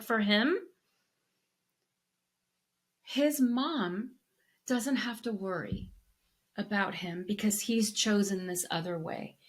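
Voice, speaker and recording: A woman co-hosting a podcast, telling stories in a casual, animated way with frequent restarts. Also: a little high. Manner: animated storyteller with many restarts. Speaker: podcast co-host. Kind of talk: casual conversation.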